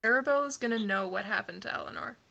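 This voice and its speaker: A woman's voice: on the high side, racing, gravelly, bright, forceful tone, muffled recording. A woman playing a tabletop role-playing game, speaking for her character and sometimes dropping to a dramatic whisper. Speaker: player.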